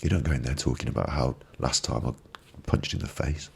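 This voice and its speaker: A man's voice: a bass voice, fairly quick, vocal fry, husky. A man hosting a live stream, giving a reflective motivational talk on a binaural microphone and repeating phrases for emphasis. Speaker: ASMR live-stream host.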